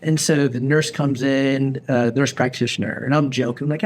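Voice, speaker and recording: Man in his thirties, podcast host, lively storyteller who acts out quotes, light noise behind. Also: medium pitch, a little fast, few pauses. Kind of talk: casual storytelling chat. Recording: faint background noise.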